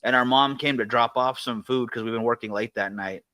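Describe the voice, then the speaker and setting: A man hosting a casual podcast chat and telling a story in a relaxed way. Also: medium pitch, fairly quick, no room sound. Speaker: podcast host.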